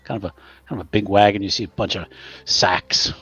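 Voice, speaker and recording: A man narrating as game master of a tabletop game, in a relaxed, halting way. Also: lowish voice, husky, muffled recording.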